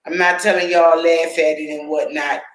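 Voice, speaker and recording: A man's voice: a little high, level tone, normal speed, fairly bright tone, reverberant, rough recording. A man hosting a livestream, giving casual, profane commentary, often laughing and talking to his chat. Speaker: livestream host.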